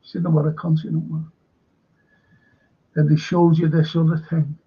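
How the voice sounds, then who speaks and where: A man hosts a live-stream current-affairs show, ranting and swearing between shout-outs to viewers in the chat. His voice sits a little high and sounds husky and gravelly. The stream audio is dull and lo-fi. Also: little pitch movement, normal speed.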